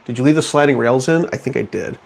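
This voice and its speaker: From his home studio, a man banters with his live-stream chat in a sarcastic, mock-outraged, self-mocking way. He talks fast in a mid-range voice that's creaky and darkish.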